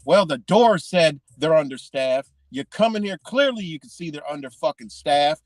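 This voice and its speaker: A man's voice: fairly high pitch, expressive, normal speed, dry recording. Profane ranting man, dry close sound. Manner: heated, profane, repeats himself. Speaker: vlogger.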